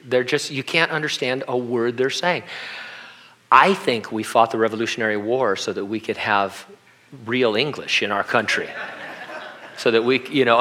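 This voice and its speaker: A man's voice: mid-range voice, expressive, moderate pace, pushed and bright. A man preaching a sermon in a conversational way, with humorous asides and acted-out quotes. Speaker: pastor.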